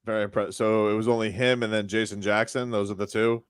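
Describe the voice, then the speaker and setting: Male sports radio co-host, lowish voice, teasing dry banter, casual. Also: little pitch movement, quick pace, clean tone, no room sound.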